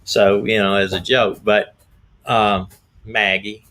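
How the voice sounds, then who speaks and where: A middle-aged man, slightly hoarse, hosting a rambling, folksy live stream as a retired detective. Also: on the low side, flat delivery, slow pace, crowd noise. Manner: folksy, rambling, repeats himself. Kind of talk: casual live-stream talk.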